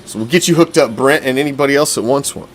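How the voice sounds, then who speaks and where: A man's voice: medium pitch, fast. Profane, blunt man hosting a fan show. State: winded. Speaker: podcast host. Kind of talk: casual fan show talk.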